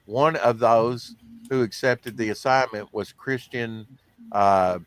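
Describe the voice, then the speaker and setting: Reading comics news on his podcast, a man rambles casually, leaning on fillers and self-deprecating remarks. His mid-range voice is steady, slow and smooth, with no echo.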